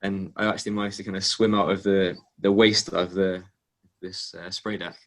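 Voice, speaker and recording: Young man with a flat, low voice. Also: moderate pace. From England. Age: young adult. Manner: relaxed storytelling, frequent ums and restarts. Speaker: guest athlete. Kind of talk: casual interview chat.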